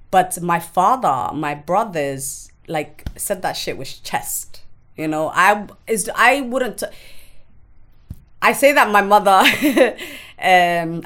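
Her voice is on the low side and a little bright. She's a guest on a podcast, giving candid personal testimony in conversation, telling her life story bluntly with plenty of swearing.

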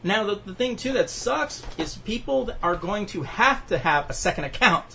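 A man's voice: high voice, lively intonation, moderate pace, gravelly, bright, forceful tone, a little hiss or hum. A man hosting a casual podcast chat, rambling with lots of fillers and restarts. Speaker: podcast host.

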